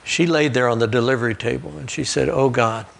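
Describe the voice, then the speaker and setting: Preacher guy, kinda gravelly, mid-pitched, tells folksy stories in his sermon. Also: fast. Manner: storytelling preacher, folksy asides, occasional restarts. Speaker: pastor. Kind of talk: sermon storytelling. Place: church sanctuary.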